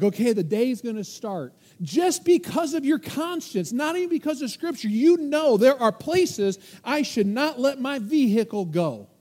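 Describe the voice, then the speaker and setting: A man preaching a sermon in a husky, breathy voice with a dark, mellow tone. He gets emphatic and acts out little voices of temptation and conscience as he goes. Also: sits high. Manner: animated preaching, acting out inner voices. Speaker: pastor.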